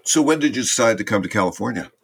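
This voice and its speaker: A man's voice: lowish voice, lively intonation, very fast, creaky, husky. A male interviewer asking short, direct questions.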